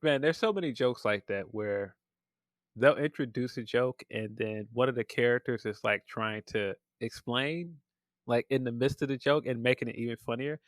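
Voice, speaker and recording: A man's voice: mid-range voice, normal speed, dry recording. A man co-hosting a podcast, chatting casually and acting out quotes while laughing. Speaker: podcast co-host.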